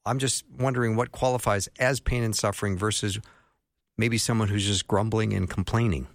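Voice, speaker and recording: A man's voice: lowish voice, steady tone, fairly quick, no room sound, clean studio sound. A man hosting a faith talk show, reading listener texts and asking questions in an easygoing way.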